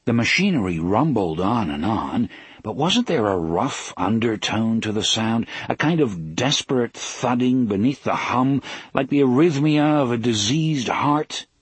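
A man narrating an audiobook in a measured, dramatic storytelling manner, slowing down for emphasis. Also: mid-range voice, lively intonation, husky, dry recording. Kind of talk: scripted narration.

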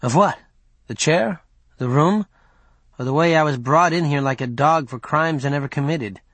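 A man doing a calm, defiant young hero. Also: a little high, moderate pace, no room sound.

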